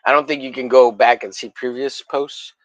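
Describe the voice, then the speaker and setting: A man's voice: medium pitch, steady tone, normal speed, no room sound, low-quality recording. A man hosting a livestream in casual chat, rambling and swearing, with mock-angry jokes. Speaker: livestream host.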